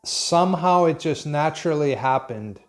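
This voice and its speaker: A man's voice: on the high side, lively intonation, normal speed. A man in his fifties with an American accent, from Pennsylvania, giving an unscripted English lesson in a reflective way, thinking aloud and restarting his sentences. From Pennsylvania, USA. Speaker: English teacher.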